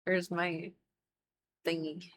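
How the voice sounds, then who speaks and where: Dramatic swearing woman streamer, low voice. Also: flat delivery, drawn-out words, a little hiss or hum, rough recording. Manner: dramatic, swears a lot, mock-emotional complaining. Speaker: livestreamer. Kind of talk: casual gaming commentary.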